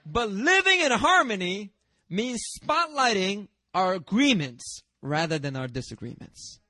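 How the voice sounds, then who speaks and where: A pastor preaching a sermon in a lively, conversational way, with self-deprecating humor and chatty asides. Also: male voice, sits high, a little slow, no echo, studio quality.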